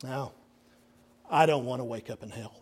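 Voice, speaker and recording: A middle-aged male pastor preaching a sermon, earnest and dramatic, dropping to hushed near-whispers for emphasis. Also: mid-range voice, husky. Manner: earnest, slow and deliberate phrasing.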